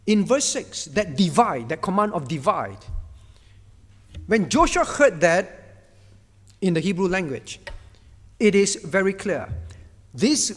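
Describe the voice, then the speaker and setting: Here a high-pitched man preaches as pastor in a large church hall. His delivery is emphatic and repetitive, leaning on key words, and when he voices divine commands he shifts into a firm tone.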